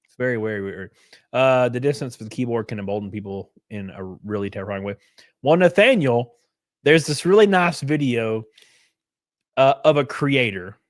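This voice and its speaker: A man's voice: medium pitch, normal speed, no echo, studio quality. A young man hosting a livestream, commenting casually, swearing freely, laughing often and thanking donors by name. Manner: animated, profane, laughs often. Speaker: livestream host.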